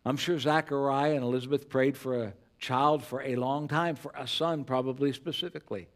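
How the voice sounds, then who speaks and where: An older pastor in his sixties delivering a sermon in church, earnest and conversational, dropping soft and low then rising loud for emphasis. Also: steady tone, a little fast. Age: 60s. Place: church sanctuary.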